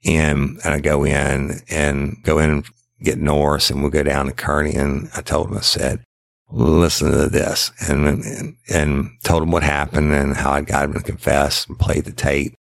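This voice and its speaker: A man, a former police detective telling a case story in halting, blunt, profane casual talk that repeats words. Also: very deep voice, little pitch movement, creaky, no room sound, studio quality.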